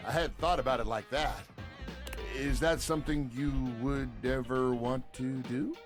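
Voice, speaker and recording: A man voicing a relaxed, easygoing male dating-game character who turns shy about romance, heard as game audio. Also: mid-range voice, unhurried, natural voice. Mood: surprised. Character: laid-back cool adult male dating-game character. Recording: game audio over music.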